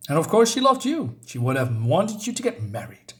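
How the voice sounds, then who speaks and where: A man reading aloud the lines of a smug, manipulative male cat from a comic, in a fairly high voice. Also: huge pitch swings, moderate pace, a bit bright.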